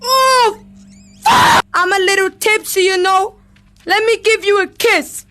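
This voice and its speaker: A woman playing a VR game and yelling brash, profane commentary, often breaking into meows. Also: very high-pitched, fairly even intonation, a little slow, over music. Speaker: VR gamer. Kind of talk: let's-play commentary. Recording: audible background noise.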